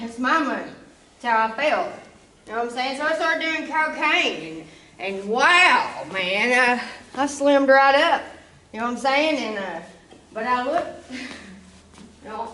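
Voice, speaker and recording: A woman's voice: high voice, pushed and bright, echoey room, recorded from a distance, low-quality recording. A young woman giving a casual personal testimony, full of asides to the listeners. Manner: casual storytelling with frequent asides. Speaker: speaker giving a recovery testimony.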